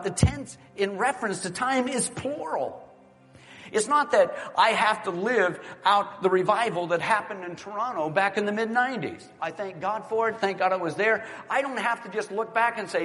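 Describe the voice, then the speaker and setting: A middle-aged man preaching a sermon as pastor, animated and exclamatory at times, then dropping to a quiet, prayerful tone. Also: high-pitched, big-room sound.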